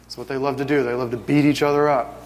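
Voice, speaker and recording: A man in his thirties preaching a sermon, telling stories with lively acted-out voices. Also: mid-range voice, fast, long reverb tail. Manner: animated storytelling, acts out family scenes.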